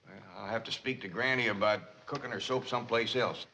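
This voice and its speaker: An actor playing an easygoing, kindly hillbilly family head who speaks in a slow rural drawl with folksy sayings. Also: male voice, lowish voice, sharp tone. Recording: dull vintage TV audio with hiss.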